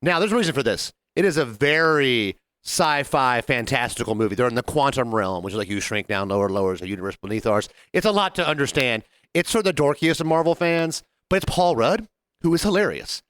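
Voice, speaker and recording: A man co-hosting a podcast in casual chat, telling stories in an animated way and swearing for emphasis. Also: medium pitch, fairly quick, no echo. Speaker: podcast co-host.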